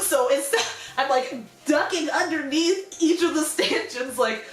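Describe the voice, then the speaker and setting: Animated, rambling young woman vlogger. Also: high-pitched, a little slow. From United States. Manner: animated, rambling, heavy use of "like". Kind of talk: casual storytime vlog. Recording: roomy echo with faint music.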